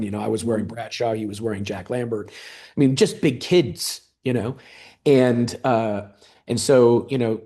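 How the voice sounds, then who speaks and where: A man in his fifties speaks as an interview guest, recounting his career in an easygoing, conversational way. His voice sits a little low, and he grows animated as his stories build, pausing often on small fillers. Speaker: interview guest, former gaming executive.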